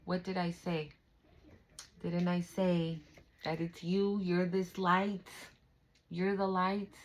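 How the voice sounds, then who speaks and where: A woman's voice: lowish voice, flat delivery, slow, rough recording. A young woman giving a casual spiritual tarot reading, emphatic, emotional and profane, talking straight to her viewers. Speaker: tarot reader.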